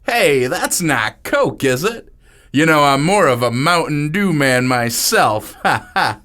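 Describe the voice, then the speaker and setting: A man's voice: fairly high pitch, animated, slow pace, a bit bright, pitched above the performer's own voice. A man voicing a goofy, clueless young party host who makes corny jokes. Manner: corny, joking.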